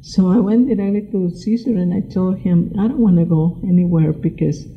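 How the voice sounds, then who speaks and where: An older woman, a former farm worker, recalls her union days in halting English full of fillers and restarts. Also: lowish voice. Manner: halting, non-native grammar, many fillers and restarts. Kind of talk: personal oral history storytelling. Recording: tinny phone-like recording.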